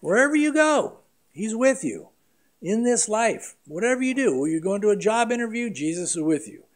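Preaching in a high-pitched voice with big swings in pitch, this middle-aged pastor keeps a moderate pace. He's earnest and emphatic, with large jumps between loud and quiet.

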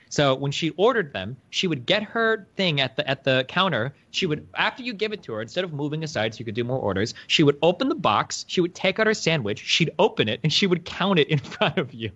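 A man talks at a rapid clip on a casual podcast, swearing freely as he tells his stories and jumping up in pitch when he gets worked up. The audio sounds a bit dull and lo-fi. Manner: fast, profane storytelling with animated outbursts. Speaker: podcast co-host.

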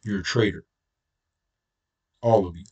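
Male channel host, combative profane ranter, lowish husky voice. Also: unhurried, a little mellow, distant mic, muffled recording. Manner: profane, blunt, confrontational. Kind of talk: angry solo rant to camera.

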